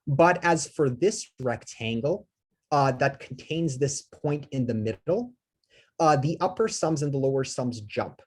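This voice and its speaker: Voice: mid-range voice, lively intonation, measured pace, darkish tone. Lecturer, live math class, hesitant, lots of ums and self-corrections, questions to students.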